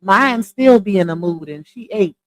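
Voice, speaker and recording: A woman's voice: mid-range voice, animated, normal speed, no room sound, rough recording. A woman hosting a casual livestream, chatty and slangy, greeting viewers one by one and laughing easily. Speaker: livestream host.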